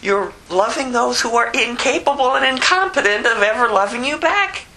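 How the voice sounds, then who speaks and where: A woman preaching a sermon with emphatic rhetorical questions and wide swings in pitch. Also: expressive, normal speed, bright, forceful tone, poor audio.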